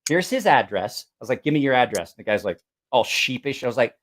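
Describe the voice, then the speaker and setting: Man, podcast host, casual chat, blunt, profane, animated storyteller. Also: medium pitch, fast talker. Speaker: podcast host and knife sharpener.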